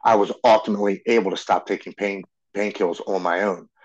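A man in his forties speaks as a podcast guest, telling his story earnestly and tripping over his words, repeating them as he goes. His voice sits on the low side. The recording sounds dull and lo-fi. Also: steady tone, fast talker. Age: 40s. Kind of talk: personal storytelling in an interview.

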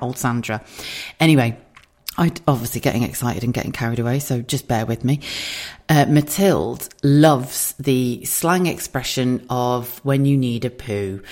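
A middle-aged woman tells stories on her podcast, chatty and animated and quick to giggle. Her pitch swings widely from low to high as she gets carried away. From southern England. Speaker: podcast host. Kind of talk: casual storytelling monologue.

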